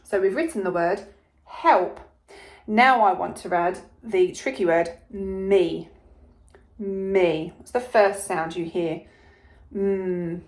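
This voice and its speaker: A woman teaching a phonics lesson to young children, sounding out letters slowly and clearly with plenty of encouragement, in an English accent. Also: mid-range voice, darkish tone. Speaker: primary school teacher.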